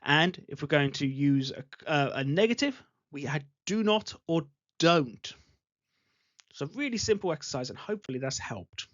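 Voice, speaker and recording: A medium-pitched voice comes through a dry, dull lo-fi recording. An English teacher leads an online grammar lesson, patiently repeating the example sentences.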